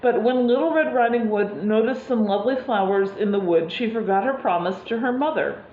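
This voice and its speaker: A woman's voice: a little high, brisk. Lady preacher reading a story to the church, roomy and kinda muffled, faint hum. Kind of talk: sermon storytelling. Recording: echoey room, slightly dull sound.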